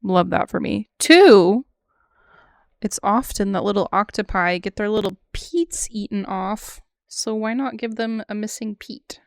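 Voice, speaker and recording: A young woman chats on her art stream while she draws, thinking out loud with fillers and small giggles. Her voice is smooth and clear at a middling pitch. The sound is dry and close. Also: measured pace, dry recording. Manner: chatty, giggly, thinks aloud with many fillers. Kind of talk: casual chat while drawing on stream.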